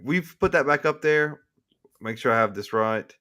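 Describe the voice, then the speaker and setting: Eager guy on a betting podcast, trips over his words, middle pitch. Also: expressive, normal speed, sharp tone. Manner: eager, stammering restarts. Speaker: podcast co-host. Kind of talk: casual sports betting chat.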